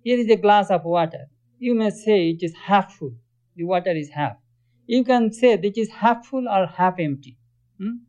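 High-voiced man giving a spiritual talk. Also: darkish tone. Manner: earnest, questions listeners, chants Sanskrit verses quickly. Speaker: spiritual teacher. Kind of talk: religious discourse. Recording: dull lo-fi recording.

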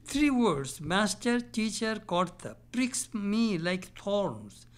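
High-voiced man reading and explaining scripture. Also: very animated, takes it slowly. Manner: reads passages aloud, then explains with frequent laughter; acts out quoted speakers in a raised voice. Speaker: spiritual teacher.

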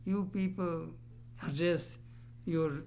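Man, high voice, teaching from scripture, laughs often, faint hum behind. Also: fairly even intonation, slow pace, a little mellow. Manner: reads passages aloud, then explains with frequent laughter; acts out quoted speakers in a raised voice. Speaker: spiritual teacher. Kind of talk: scripture reading and commentary.

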